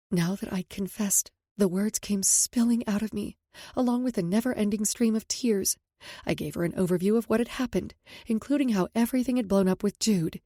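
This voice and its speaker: A woman narrating a first-person romance audiobook in a steady, intimate way. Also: medium pitch, fairly quick, dry recording, studio quality.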